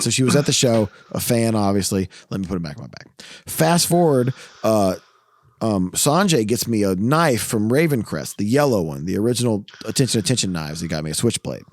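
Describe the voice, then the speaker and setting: A man with a fairly low voice, chatting casually as a podcast host. He tells long stories, laughs a lot and quotes others without changing his voice. The sound is dry and close. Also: expressive, a little fast, dry recording. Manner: storytelling, laughs often, quotes people in his own voice. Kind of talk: casual chat.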